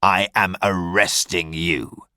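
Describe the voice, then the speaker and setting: A man's voice: sits low, fairly even intonation, takes it slowly, sharp tone, clean tone, no echo, clean studio sound, pitched below the performer's own voice, exaggerated voice. A man voicing a harsh police inspector who gives cold orders. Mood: stern. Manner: cold, commanding.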